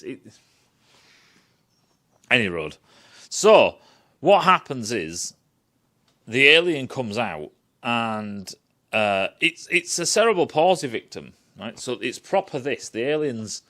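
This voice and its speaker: Brief: male reviewer, sweary and sarcastic, bright and animated delivery. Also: mid-range voice, slow, long pauses. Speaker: film and TV reviewer. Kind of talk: ranting casual review.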